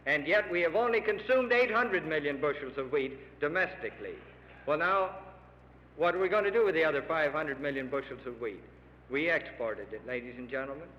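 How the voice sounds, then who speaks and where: A man's voice: a little high, a little hiss or hum. A middle-aged man giving an earnest, emphatic public speech to farmers, pleading with his audience. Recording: lo-fi archival radio recording with long hall reverb.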